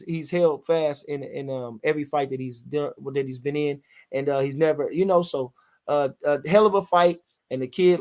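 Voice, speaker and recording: An older man, hosting a casual live boxing stream in a rambling way, full of fillers, reading out chat comments. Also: fairly high pitch. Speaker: podcast host.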